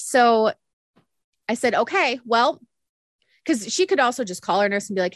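A young woman telling a story on a podcast, animated and laughing often as she acts out what others said. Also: fairly high pitch, moderate pace, dry recording. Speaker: podcast co-host. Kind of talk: casual storytelling chat.

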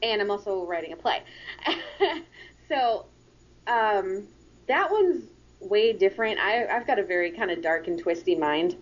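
A woman guest on a podcast, a comedy writer speaking in casual chat, halting with frequent ums and giggles. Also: medium pitch, expressive, lo-fi sound.

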